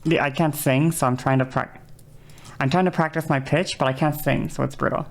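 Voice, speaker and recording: A woman streaming live, chatting casually and excitably and swearing freely. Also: low voice, fairly quick, vocal fry.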